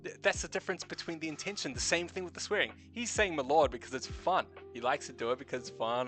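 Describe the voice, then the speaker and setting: A young New Zealand man with a New Zealand accent hosts a loose late-night stream chat. His voice sits on the higher side, with faint music behind him. He cusses casually and laughs a lot while he philosophizes. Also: quick pace, hardly any pauses, fairly bright tone. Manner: swears freely, laughs often, philosophical. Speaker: stream host.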